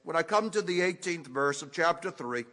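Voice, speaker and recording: A man preaching an expository sermon, teaching deliberately and leaning hard on key words. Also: fairly high pitch, expressive, a bit bright. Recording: echoey hall with long reverb.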